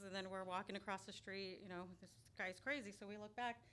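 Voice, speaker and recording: A woman from Albuquerque telling a true story on stage in a small restaurant, lively and laughing often. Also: mid-range voice, brisk. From Albuquerque, New Mexico. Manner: lively, laughing often, loud acted outbursts. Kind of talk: live personal storytelling. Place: small restaurant venue, live audience. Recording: live room with faint background noise.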